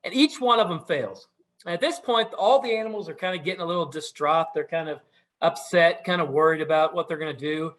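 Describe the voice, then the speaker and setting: Middle-aged guy telling an old animal story, kinda high voice, loose and chatty. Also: brisk, fairly bright tone. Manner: conversational, with many fillers and asides. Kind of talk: casual oral storytelling.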